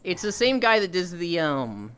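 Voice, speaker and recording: A woman's voice: fairly low pitch, very animated, moderate pace, clear, resonant tone. A woman streaming, chatting casually and telling stories animatedly, swearing freely. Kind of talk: casual chat. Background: faint music.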